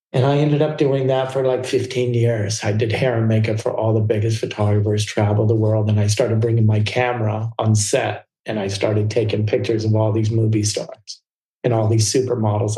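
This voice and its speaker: A man recounts his past in a casual interview, words tumbling out with quick restarts. His voice is mellow and level in pitch. The recording carries a roomy echo. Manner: fast, tumbling anecdotes with restarts. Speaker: guest.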